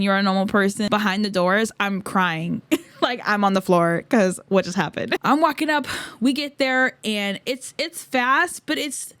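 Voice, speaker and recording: A woman's voice: medium pitch, a bit bright, no echo. A woman in her twenties hosting, telling a story in casual chat, laughing often and rambling with lots of fillers. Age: 20s. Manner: giggly, laughs often mid-sentence. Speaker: podcast host.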